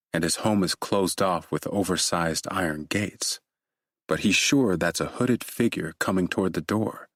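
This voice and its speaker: A man narrating a thriller audiobook in a steady, measured way. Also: low-pitched, no room sound, studio quality.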